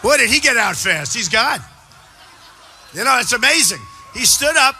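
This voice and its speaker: An older man with a New York accent giving a boastful, repetitive rally speech as a political candidate, often shouting to a crowd. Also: very high-pitched, very animated, normal speed, slight background noise. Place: large indoor rally venue.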